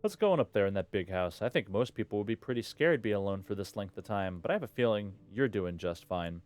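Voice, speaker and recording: A man's voice: lowish voice, animated, quick pace, a little mellow, clean tone, soft background music, lightly acted. A man reading out a letter as a fond middle-aged father writing to his son, in a cheery voice. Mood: fatherly.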